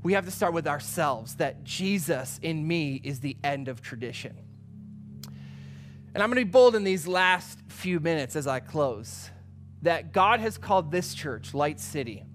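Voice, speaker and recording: A man's voice: fairly high pitch, unhurried, soft background music. A man preaching a sermon as pastor, telling stories and acting out conversations, often checking in with "right?" and "you know". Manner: animated storytelling, acting out dialogue, fillers like "right?" and "you know".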